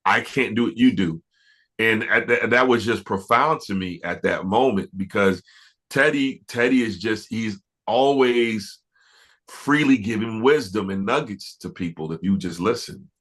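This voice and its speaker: A man, a music producer, telling stories in a relaxed interview, often restarting and filling with "you know". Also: on the low side, unhurried, husky. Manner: relaxed, reflective, many fillers and restarts. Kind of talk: casual interview storytelling.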